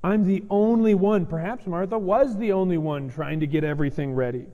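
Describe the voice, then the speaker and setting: A man preaching in a church, his fairly high voice rounded and mellow. Long reverb from the sanctuary trails behind every line. He delivers the sermon earnestly, pressing hard on key points and then dropping to a soft, gentle tone. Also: moderate pace, hardly any pauses, muffled recording. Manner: earnest, emphatic preaching that swings between loud urgency and soft gentle stretches. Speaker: pastor.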